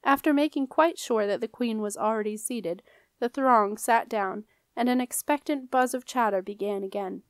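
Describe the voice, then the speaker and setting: A woman narrating a children's fantasy audiobook in a measured, expressive storytelling manner. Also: a little high, clean tone, dry recording. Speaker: audiobook reader.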